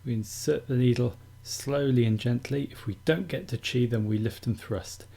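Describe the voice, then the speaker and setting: A man calmly teaching acupuncture technique in a steady, methodical instructional demonstration. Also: medium pitch, moderate pace, creaky, husky. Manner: calm, steady, methodical explaining.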